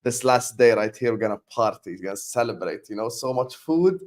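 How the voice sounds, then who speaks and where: A man hosting a casual football livestream, thanking viewers by name in an excited, chatty way. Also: medium pitch, a little fast. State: sleepy, yawning. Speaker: host.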